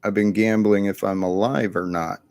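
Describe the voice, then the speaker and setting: A man's voice: on the low side, fairly even intonation, moderate pace, darkish tone, no room sound. A man hosting a live panel chat, talking in an earnest, reflective way and laughing easily.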